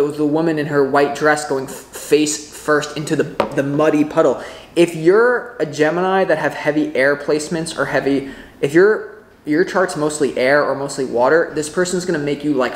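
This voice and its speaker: A man giving a casual tarot reading to camera, excitable and rambling, often breaking off mid-thought. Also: on the high side, echoey room, a little hiss or hum. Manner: rambling, excitable, self-interrupting. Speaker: tarot reader.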